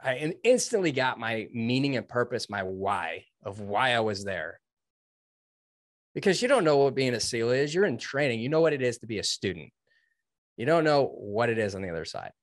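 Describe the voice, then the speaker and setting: A Navy veteran in his thirties, a guest in an interview, recounts a personal story earnestly and emphatically, quoting himself and others. His medium-pitched voice is very animated at a moderate pace. The recording is dry and studio-clean.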